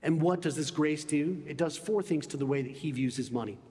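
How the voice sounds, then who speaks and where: A man preaching a sermon in an emphatic way, often dropping low and soft on key phrases. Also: a little fast, big-room sound.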